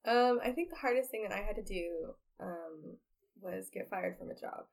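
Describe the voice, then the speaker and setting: A woman's voice: medium pitch, moderate pace, creaky, darkish tone. A young woman co-hosting a podcast, speaking earnestly in casual chat. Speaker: podcast co-host.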